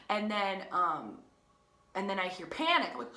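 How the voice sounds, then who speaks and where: A young woman teacher tells a story in an animated, chatty way and pokes fun at herself. Her voice is bright and forward. The room around her sounds echoey. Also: on the low side, fast talker. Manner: animated, chatty, self-mocking. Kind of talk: casual storytelling.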